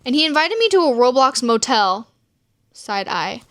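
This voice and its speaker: A woman's voice: high voice, very animated, normal speed, noisy background. A woman vlogger reading viewer dating stories aloud and reacting, swearing freely and laughing often. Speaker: storytime vlogger.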